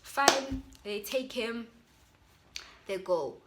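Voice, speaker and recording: A woman's voice: on the high side, animated, drawn-out words, heavy background noise. A young South African woman with an accent, chatting animatedly to her viewers as she tells a storytime. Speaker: YouTuber. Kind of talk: casual storytime.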